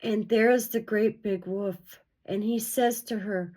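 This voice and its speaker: A woman reading folk tales aloud as a storyteller, slow and expressive. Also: mid-range voice, low-quality recording. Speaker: storyteller and channel host.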